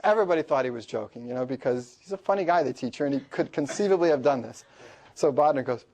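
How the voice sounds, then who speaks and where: A man lecturing to a class, telling a story in an animated way and laughing often. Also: medium pitch, quick pace, noisy background.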